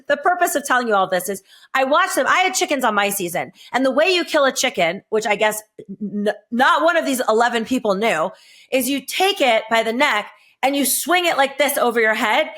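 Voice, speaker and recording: A woman's voice: high voice, lively intonation, a little fast, fairly bright tone. A woman in her forties co-hosting a podcast, telling blunt, profane stories in casual chat with lots of laughter. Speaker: podcast co-host, former reality show contestant.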